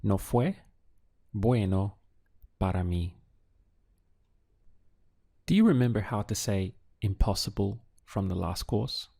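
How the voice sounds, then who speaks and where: A man whose first language is Spanish, giving a slow audio language lesson and drilling phrases with patient pauses. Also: fairly low pitch, lively intonation, gravelly, dark tone. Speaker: Spanish tutor.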